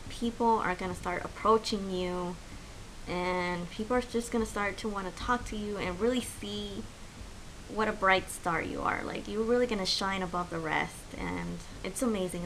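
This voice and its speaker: A woman's voice: medium pitch, vocal fry, fairly bright tone, a little hiss or hum, poor audio. A young woman chatting to camera as a beauty vlogger, heartfelt and encouraging, with lots of fillers. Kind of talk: casual chat to camera.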